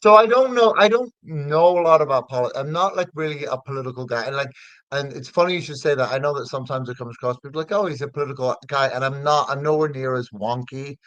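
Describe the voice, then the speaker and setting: A middle-aged man from the north of Ireland speaks with a Northern Irish accent, easy and conversational, circling his points with fillers and false starts. His pitch sits in an ordinary middle range. The sound is dry and close, with no room around it. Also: quick pace, a bit bright, no echo, highs cut off. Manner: rambling, with many fillers and restarts. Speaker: comedian guest. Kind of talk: casual interview chat.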